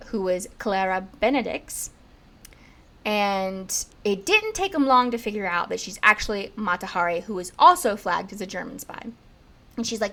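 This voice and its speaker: Brief: young woman podcast host, casual storyteller, chatty with frequent "like", mid pitch. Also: moderate pace, creaky. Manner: chatty, lots of "like", acts out quotes in lively bits.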